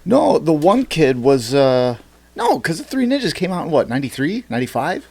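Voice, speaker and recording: A man's voice: fairly high pitch, moderate pace, vocal fry. A man co-hosting a podcast in casual chat, joking and laughing often. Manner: laughs a lot, animated and joking. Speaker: podcast co-host.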